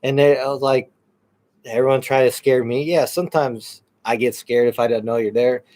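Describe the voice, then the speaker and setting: A man's voice: mid-range voice, steady tone, normal speed, a little mellow. A man co-hosting a paranormal show in loose, rambling chat, laughing often and swearing casually. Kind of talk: casual live-stream chat.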